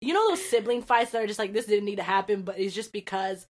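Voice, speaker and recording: A young woman from California in casual chat as a podcast co-host, animated and swearing, acting out quotes and laughing often. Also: medium pitch, quick pace.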